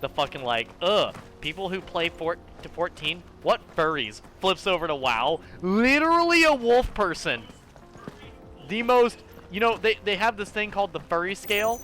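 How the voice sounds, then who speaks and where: Bright-voiced young man, profane gamer. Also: sits high, lively intonation, soft background music. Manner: profane, rambling, quick to laugh. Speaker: gamer playing through a game. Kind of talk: casual gameplay commentary.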